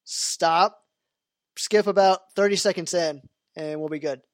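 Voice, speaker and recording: A man with a fairly high voice hosts a casual podcast, and he rambles loosely with lots of fillers. The sound is dry and close, with almost no room echo. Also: steady tone, unhurried. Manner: rambling, full of "you know" and "like" fillers. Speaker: podcast host. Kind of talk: casual chat about a video game.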